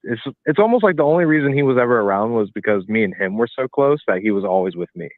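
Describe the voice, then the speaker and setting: A man's voice: mid-range voice, expressive, fast, no room sound. A man in his thirties, a caller being interviewed by phone, rambling loosely with lots of filler. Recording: tinny phone line.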